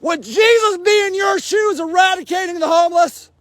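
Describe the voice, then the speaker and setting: A man livestreaming from an outdoor camp in the snow, shouting angry and sarcastic reproaches at people in front of him while filming on his phone. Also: very high voice, moderate pace, no room sound. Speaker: activist filming a camp sweep. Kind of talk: livestreamed street confrontation.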